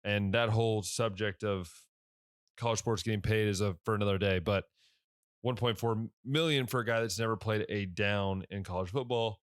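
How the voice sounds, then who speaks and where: Young man, tired and yawning, rambling podcast talk, smooth voice, dry close sound. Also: fairly low pitch, steady tone, moderate pace, dry recording. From Ohio. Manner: rambling, self-correcting, many fillers. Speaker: sports podcast host. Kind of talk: casual solo podcast talk.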